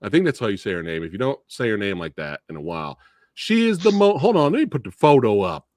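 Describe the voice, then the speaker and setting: A man hosting a casual movie discussion show, excitable and laughing often as he talks. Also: fairly low pitch, fast talker, no echo, studio quality. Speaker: podcast host.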